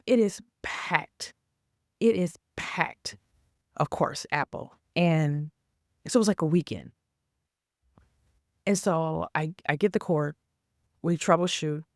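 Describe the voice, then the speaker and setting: Chatty low-voiced woman in her sixties. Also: no echo, clean studio sound. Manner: chatty, exasperated asides, rising pitch on emphasis. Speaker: faith vlogger. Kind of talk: casual storytelling to camera.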